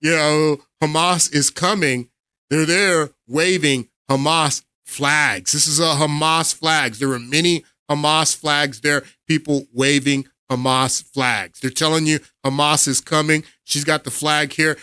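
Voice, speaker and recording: A man's voice: a little high, steady tone, unhurried, bright, forceful tone, clean tone, no echo. A man hosting a political commentary show, talking emphatically to his viewers and laughing in disbelief.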